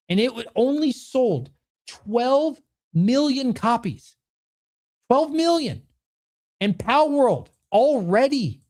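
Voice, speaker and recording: A man in his thirties hosting a livestream Q&A, excitable and swearing often as he rants at his chat. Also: very high-pitched. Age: 30s. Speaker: streamer host.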